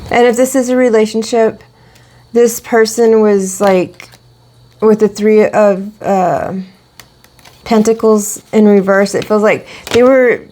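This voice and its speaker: A woman's voice: medium pitch, darkish tone. A woman giving a casual tarot reading, rambling with many fillers and restarts. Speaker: tarot reader.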